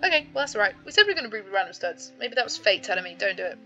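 A young British woman talks her viewers through gameplay in a casual, giggly way. Her voice is bright and a little high, swooping up and down as she exclaims. Faint music plays behind her. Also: very animated, very fast, dull audio. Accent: British English. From Britain. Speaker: gaming YouTuber.

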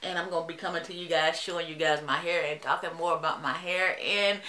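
A woman's voice: on the low side, steady tone, fast talker, hardly any pauses, bright, forceful tone, echoey room. A woman with a Southern US accent chatting dramatically to her viewers in a hair vlog. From Alabama. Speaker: hair vlogger. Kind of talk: casual vlog chat.

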